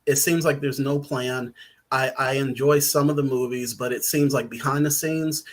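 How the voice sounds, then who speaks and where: A male podcast guest of ordinary pitch talks loosely and at length. He hesitates with frequent ums and breaks into short laughs as he goes. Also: steady tone, moderate pace. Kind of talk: casual podcast chat.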